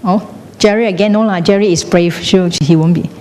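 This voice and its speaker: A woman's voice: mid-range voice, a little fast, a little mellow. A middle-aged woman gives a classroom lecture. She keeps asking the class questions and switches between English and Chinese. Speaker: teacher. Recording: long hall reverb, faint noise.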